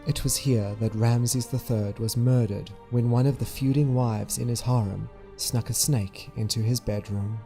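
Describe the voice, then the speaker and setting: A man reading measured, informative documentary narration. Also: mid-range voice, fairly even intonation, warm tone. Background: music.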